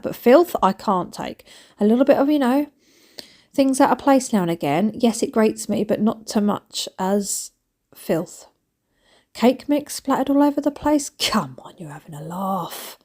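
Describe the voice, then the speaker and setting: A woman's voice: a little high, dark tone. A woman in her thirties, chatting casually and mocking herself with rambling asides while she cleans her home. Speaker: cleaning vlogger.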